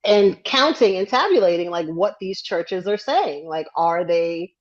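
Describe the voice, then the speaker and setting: A woman co-hosting a casual podcast chat, telling a story with lively acted-out quotes and frequent hedging. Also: on the low side, a little slow, dull audio. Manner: animated storyteller acting out quotes, hedges often. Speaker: podcast co-host.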